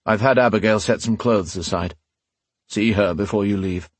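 A man voicing a powerful, weary old male ruler who speaks in a grave, measured way and sometimes growls. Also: lowish voice, slightly rough, no echo.

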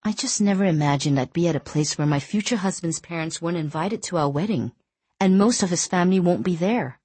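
A worried young bride-to-be in a storybook, as voiced by a woman narrator. She speaks gently and hesitantly in a low voice. The recording is close and dry. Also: lively intonation, brisk, slightly rough, dry recording.

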